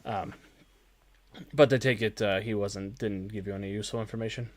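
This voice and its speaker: A man giving voice to a grave, formal male ally in a tabletop game, speaking in a low, even voice. He chooses his words with measured care. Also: natural voice.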